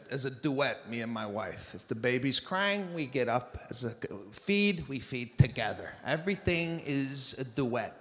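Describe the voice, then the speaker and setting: Animated high-voiced man doing stand-up. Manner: animated, shouting punchlines, acting out family members. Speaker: stand-up comedian. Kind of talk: stand-up comedy. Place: stage in a large theater. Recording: live hall with loud ambience. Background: audience laughter.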